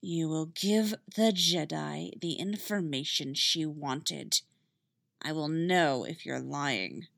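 A woman voicing a cold, menacing female dark warrior, speaking slowly, low and quietly. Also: vocal fry, no echo, studio quality, exaggerated voice. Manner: slow, low, quiet and threatening.

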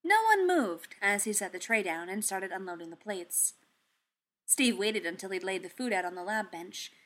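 Expressive woman reading a story aloud. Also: mid-range voice, normal speed. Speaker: narrator. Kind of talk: reading fan fiction aloud.

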